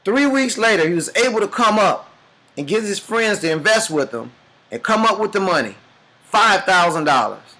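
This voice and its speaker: Man, business speaker, animated storytelling, high voice, bright tone. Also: moderate pace. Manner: animated, dramatic storyteller addressing a group. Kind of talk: motivational storytelling talk.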